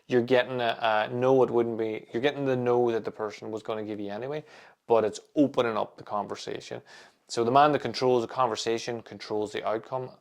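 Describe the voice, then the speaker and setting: Calm man hosting podcast. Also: medium pitch, vocal fry. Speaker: podcast host. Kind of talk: solo podcast monologue.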